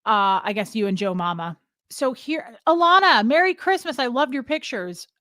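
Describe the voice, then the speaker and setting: A woman livestream host's voice is a little high, bright and forceful, with big pitch swings at a moderate pace. She chats casually with viewers, rambling from topic to topic and naming them as she greets them. Clean studio sound with no room sound.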